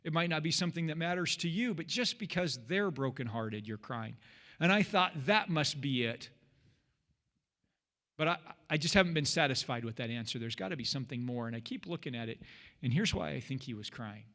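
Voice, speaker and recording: A man's voice: a little high, expressive, brisk, pushed and bright, long reverb tail. A man leading a Bible study as pastor, teaching in an earnest, conversational way and often repeating himself. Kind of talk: teaching sermon.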